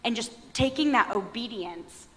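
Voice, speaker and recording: A woman's voice: fairly high pitch, lively intonation, moderate pace, slight background noise. A woman in her thirties giving an earnest, reflective faith testimony on stage, with a lightly self-mocking touch. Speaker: panelist sharing testimony. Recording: long hall reverb.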